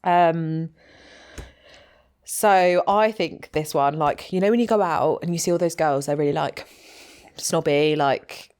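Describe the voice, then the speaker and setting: Woman, podcast co-host, low voice, chatty, teasing, blunt. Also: unhurried, a little mellow, clean tone. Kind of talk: casual chat.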